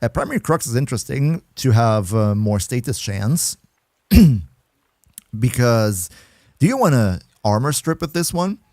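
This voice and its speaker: A male game streamer talking casually over his gameplay, keeping up a running chat with his viewers and laughing easily. His voice sits at an ordinary middle pitch. The sound is close and dry, with no room echo. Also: animated, measured pace, a little mellow. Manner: chatty, laughs often, greets and answers chat. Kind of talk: casual livestream gameplay commentary.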